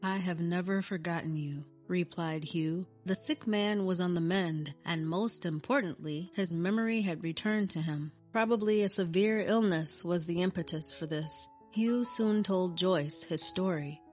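A woman reading a scripted story in a steady, even narration. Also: lowish voice, a little slow, hardly any pauses. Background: faint music.

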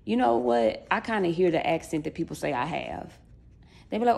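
A woman's voice: sits low, very animated, brisk, creaky, a little mellow. A woman in her late twenties chatting casually and straight to her viewers, with loose folksy slang. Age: late 20s. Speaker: vlogger.

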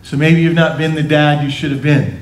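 A man preaching a sermon as pastor, animated, acting out quotes in changing voices. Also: fairly high pitch, fairly quick, a little hiss or hum. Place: church sanctuary. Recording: echoey church hall.

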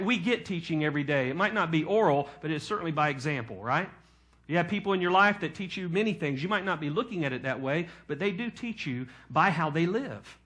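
A man's voice: high voice, fairly bright tone. A male pastor preaching a sermon, teaching from scripture and putting questions to his congregation.

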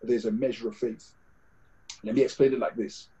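A man's voice: mid-range voice, steady tone, normal speed, dark tone, dull audio. British man preaching a video-call sermon. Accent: British English. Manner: conversational with biblical quotes and fillers. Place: home over video call.

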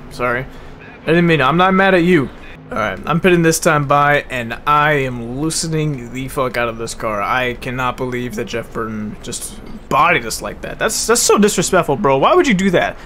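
A young man giving casual commentary while playing a racing game, full of bro and swearing, sometimes flaring into loud angry rants. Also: fairly high pitch, slight background noise. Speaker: gaming video host.

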